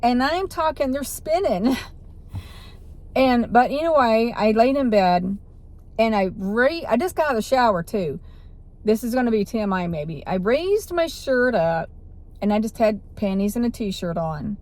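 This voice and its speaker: A woman's voice: on the high side, expressive, measured pace, a little mellow. A woman vlogger telling a personal story in a rambling way, with restarts and self-corrections.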